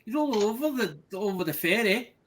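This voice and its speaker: A man's voice: high-pitched, lively intonation, moderate pace, background noise. A man with a Scottish accent chatting on a live video call, rambling as he explains. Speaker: guest. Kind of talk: casual live-stream chat.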